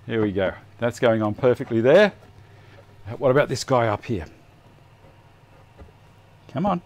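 A middle-aged Australian man hosts a live woodworking show, chatting at the bench in a workshop demonstration. His mid-range, slightly mellow voice is very animated yet measured in pace, and he's chatty and self-deprecating, thinking aloud as he works.

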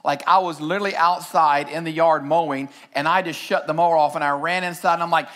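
A man pastor delivering a sermon from a church stage. His voice sits high and rings bright and forceful. He mixes scripture reading with excited, shouted storytelling. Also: fast, few pauses.

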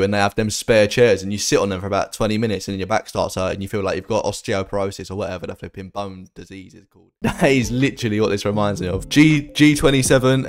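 A young man giving casual, joking reaction commentary on viewers' sim racing setups, full of slang. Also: on the low side. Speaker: YouTuber rating viewers' setups.

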